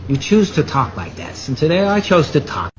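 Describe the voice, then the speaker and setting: An actor playing a scornful older man who lectures a young woman, in a mocking, lively delivery. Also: a little high, moderate pace. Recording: dull film audio with music underneath.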